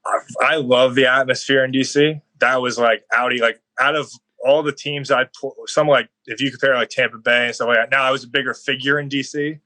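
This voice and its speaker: A young man talking casually as a podcast guest, rambling with many fillers and telling lively stories. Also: medium pitch, brisk, dry recording, poor audio. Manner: rambling, heavy on "like" fillers, animated storytelling. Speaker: guest football player.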